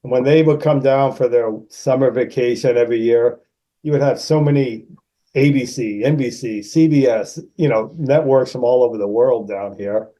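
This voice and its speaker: A man in his sixties from Massachusetts, a guest actor telling animated anecdotes and acting out the people in them. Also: moderate pace, poor audio. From Massachusetts, USA. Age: 60s. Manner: animated anecdotes, raises pitch to act out quoted people. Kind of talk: casual storytelling.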